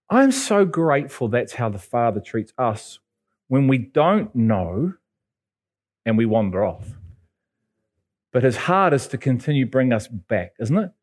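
A man from England, preaching a sermon and telling stories with sudden high jumps in pitch. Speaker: pastor.

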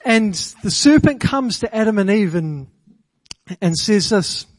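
A man preaching a sermon to a congregation, reading scripture aloud and slowing down to stress key words. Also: high-pitched, dry recording. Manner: earnest, slows down for emphasis; addresses the congregation directly. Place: church gathering room.

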